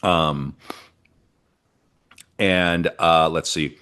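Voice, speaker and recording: A man with a deep, low-pitched voice talks through a history podcast in a casual way. He rambles, reads bits from his notes and drifts into side comments. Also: normal speed, a bit bright. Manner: chatty and rambling, reads from notes, breaks off into asides. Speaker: podcast co-host presenting the history.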